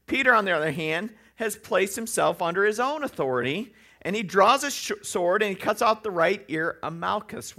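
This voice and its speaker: A male preacher delivers a sermon in a relaxed, conversational style, tossing in rhetorical questions and playful asides. His voice sits a bit high for a man, with a gravelly edge and a bright, forward tone. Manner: acts out quoted voices.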